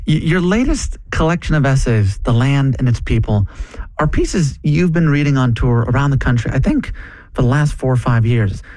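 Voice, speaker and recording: A man's voice: mid-range voice, animated, normal speed, a little mellow, no echo. A man hosting an interview, asking earnest questions with small stumbles and restarts. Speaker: guest interviewer, podcast host.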